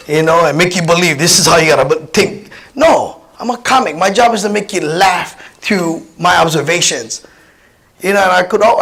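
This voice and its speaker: A man in his fifties from Hawaii with a Pidgin-tinged accent, a comedian telling personal stories in an animated, chatty keynote speech. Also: sits high, creaky, low-quality recording. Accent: Hawaiian Pidgin-tinged English. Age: 50s. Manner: animated, chatty, many restarts and laughs.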